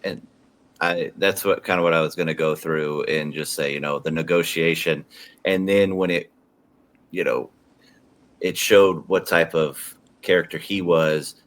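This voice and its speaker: A man's voice: very deep voice, steady tone, measured pace. A man co-hosting a podcast, rambling casually about a film with restarts. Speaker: podcast co-host. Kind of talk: casual movie review chat.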